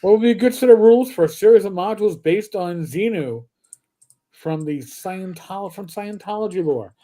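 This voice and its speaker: A man's voice: sits high, normal speed. Older guy hosting a live stream, swears a lot, rambles and jokes around. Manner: profane, rambling, animated joker. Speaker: host. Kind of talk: casual chat on a live stream.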